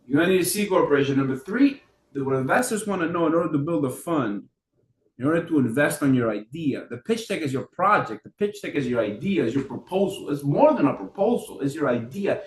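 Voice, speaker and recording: Animated man teaching from a distance. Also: fairly high pitch, fairly quick. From New York. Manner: animated, rhetorical questions, frequent fillers and restarts. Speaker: business funding coach. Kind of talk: casual teaching monologue. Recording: echoey room, mic at a distance.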